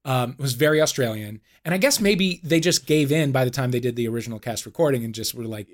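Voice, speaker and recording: A man hosts a comedy podcast game show in a voice of middling pitch. He is playful and quick, dropping jokey asides and the occasional swear as he keeps the rounds moving.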